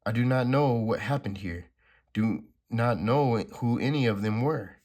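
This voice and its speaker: A man's voice: medium pitch, unhurried, darkish tone, pitched above the performer's own voice, lightly acted. A man reading a comic aloud, voicing a grieving, desperate male survivor in a slightly raised, urgent voice. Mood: despairing. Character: anguished male survivor, grief-stricken and desperate.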